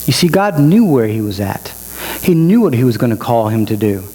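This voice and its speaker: A man's voice: big pitch swings, fairly quick, dark tone. Emotional preacher man in a reverberant hall. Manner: emotional, climbing in pitch and volume as he builds. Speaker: pastor. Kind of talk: sermon. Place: church. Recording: reverberant hall with mains hum.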